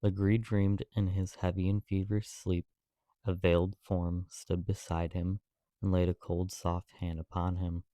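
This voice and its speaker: A man reading a classic novel aloud as an audiobook narrator, measured and even. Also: sits low, dry recording.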